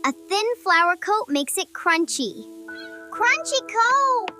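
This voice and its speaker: A woman's voice: very high voice, sing-song, slow pace, pushed and bright, full character voice. A woman voicing a cheerful little cartoon cat cook who talks in short, simple phrases and meows often. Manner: sing-song, simple short phrases, meows between lines. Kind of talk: cartoon character narration. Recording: music playing underneath. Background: cartoon music.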